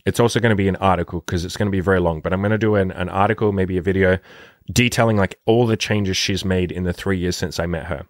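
A man's voice: sits low, fairly even intonation, no echo, clean studio sound. A man who works as a dating coach, talking casually and emphatically on his podcast with a lot of swearing. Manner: profane, emphatic, rapid-fire.

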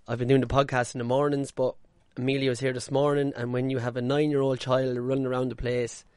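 A man's voice: medium pitch, flat delivery, brisk, a little mellow, smooth, no room sound, clean studio sound. A man hosting a casual monologue podcast from a caravan, talking bluntly, swearing freely and now and then mocking people in put-on voices. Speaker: podcast host.

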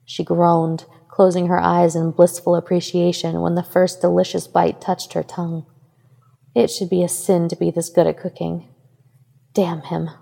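A woman narrating a fan fiction story in a steady, even reading voice. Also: on the low side, gravelly, long reverb tail. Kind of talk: scripted narration.

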